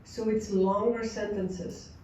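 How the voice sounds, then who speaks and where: Slow, echoey woman lecturing. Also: medium pitch, flat delivery, darkish tone, slight background noise. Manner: slow, explanatory, acts out short quoted examples. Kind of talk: recorded lecture on culture. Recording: echoey, distant, dull audio.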